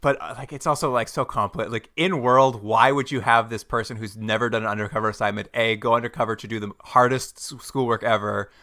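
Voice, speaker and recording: A man co-hosting a podcast, recapping a TV episode in casual chat, animated and quick to laugh. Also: mid-range voice. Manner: animated, laughs often, jumps into mock quotes. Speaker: podcast co-host.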